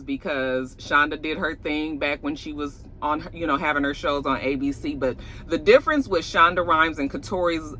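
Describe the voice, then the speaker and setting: A man casually recapping and reviewing a TV episode, talking straight to his viewers and acting out lines with animation. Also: fairly high pitch. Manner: animated, acts out characters' lines in a raised voice; chatty, talks straight to the viewers.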